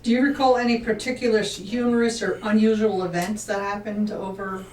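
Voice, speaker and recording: A woman interviewer asking brief, quick questions in an oral history interview. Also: mid-range voice, steady tone, darkish tone. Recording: roomy, distant mic, faint hiss.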